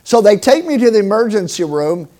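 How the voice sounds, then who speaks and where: A middle-aged man preaching a sermon, telling stories with humor and emphatic swings in loudness. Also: high-pitched, sing-song, brisk. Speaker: pastor.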